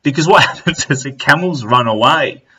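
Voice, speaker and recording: An Australian man with a bright, forceful voice chats loosely, spinning stories packed with slang and swearing. He laughs his way through anecdotes in a relaxed conversational flow. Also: a little high, moderate pace, breathy edge, rough recording. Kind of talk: casual chat.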